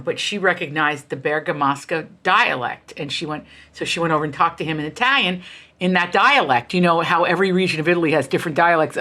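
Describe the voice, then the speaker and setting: Her voice is low, pushed, and bright as this middle-aged US author, a guest in an interview, shares family stories. She speaks passionately and emphatically and slips into the voices of the people she quotes, keeping the conversation animated.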